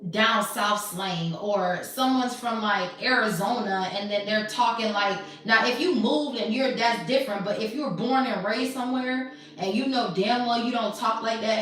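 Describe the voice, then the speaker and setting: A woman runs a casual tarot reading, blunt, profane and thick with slang, her voice a touch high. She sits back from the mic in a very echoey room, so her words ring out and land a little distant. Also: a bit bright. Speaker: tarot reader.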